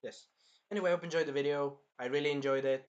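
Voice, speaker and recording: A man's voice: a little high, fairly even intonation, racing, muffled recording. A young man hosting a casual anime review, rambling with lots of fillers and acting out scenes.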